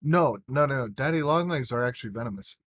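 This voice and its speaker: Casting: young man, tipsy and loose, podcast co-host, rambling profane storyteller, mid pitch. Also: expressive, fast, a bit bright, dry recording. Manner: rambling, heavy swearing, tipsy. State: drunk. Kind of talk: casual chat.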